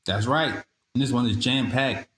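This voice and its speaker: A man's voice: medium pitch, moderate pace. Easygoing male co-host in an echoey room. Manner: relaxed, slangy, reflective. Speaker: podcast co-host. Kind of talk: casual podcast chat. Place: abroad, away from usual studio.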